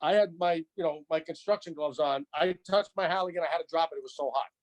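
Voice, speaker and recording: A retired firefighter tells an old story in an interview. His voice sits a little high for a man. He talks in animated runs and repeats himself as he builds the scene. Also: fast, highs cut off. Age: 60s.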